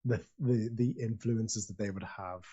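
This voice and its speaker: A man's voice: fairly low pitch, fairly even intonation, unhurried, warm tone, husky. A man narrating as dungeon master of a tabletop game, chatty and rambling, often restarting his sentences. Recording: slightly dull lo-fi audio.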